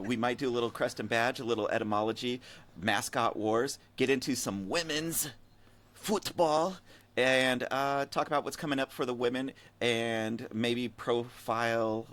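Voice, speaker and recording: A man's voice: medium pitch, fairly bright tone. A man hosting a casual podcast, rambling and joking as he runs through the show. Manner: rambling, jokey, quick asides. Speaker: podcast host. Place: desert region.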